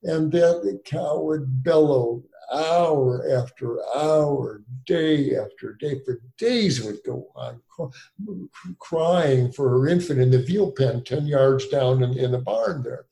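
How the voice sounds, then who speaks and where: A man in his sixties, a doctor, tells long stories in an interview and keeps restarting his sentences. His voice is warm and mellow. The sound is roomy and echoey. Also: mid-range voice, slow pace, creaky. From United States. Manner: rambling with many restarts and fillers. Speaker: physician guest. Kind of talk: conversational interview storytelling. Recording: echoey room.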